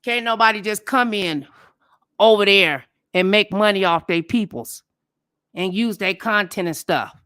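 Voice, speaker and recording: A woman hosts a casual livestream in a mid-pitched voice. She talks bluntly and profanely, and she tells her stories with animated energy. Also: unhurried. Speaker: livestream host.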